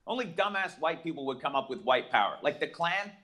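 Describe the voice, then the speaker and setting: A young adult man doing a profane, brash stand-up comedy set with rapid-fire jokes. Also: on the high side, big pitch swings, bright, forceful tone.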